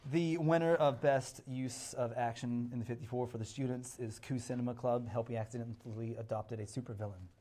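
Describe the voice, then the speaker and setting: A man's voice: mid-range voice, fairly even intonation, a little fast, hardly any pauses, warm tone. A young man hosting an awards show, loose and joking, laughing between lines. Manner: laughs often, chatty and loose. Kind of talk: casual, joking live emcee.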